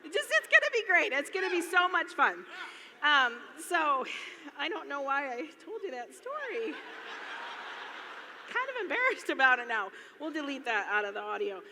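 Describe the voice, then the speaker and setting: A woman's voice: high-pitched, very animated, moderate pace, crowd noise. A middle-aged woman from Michigan telling rambling, chatty stories to a live audience from a stage, laughing often and looping back with "anyway.". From Michigan, USA. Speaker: speaker at a business event. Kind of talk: casual storytelling talk to a live audience. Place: large hall before an audience. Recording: echoey hall, faint noise.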